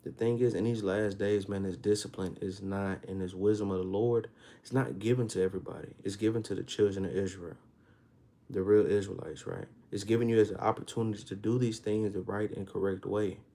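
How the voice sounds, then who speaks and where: A man with a Texas accent leads a Bible class in a relaxed, conversational way. His voice sits low and mellow, and he reads the verses at a slow pace before breaking them down in everyday slang with rising force. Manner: reads scripture slowly, then explains in casual street talk with rising emphasis. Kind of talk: informal scripture teaching.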